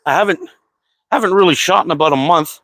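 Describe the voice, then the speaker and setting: A man's voice: high voice, fast talker, sharp tone, slight background noise. A man hosting a casual live-stream chat about slingshots, talking in a laid-back, rambling way with lots of "uh" fillers. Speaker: slingshot channel host. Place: at home.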